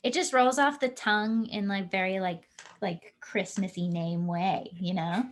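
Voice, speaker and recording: A woman's voice: medium pitch, fairly even intonation, measured pace. A woman player in a tabletop game talking casually, with many fillers and sentences that trail off.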